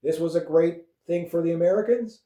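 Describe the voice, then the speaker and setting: A man's voice: on the high side, brisk, dark tone. A Canadian man vlogging a casual political rant, rambling and profane, full of fillers and chuckles. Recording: echoey room.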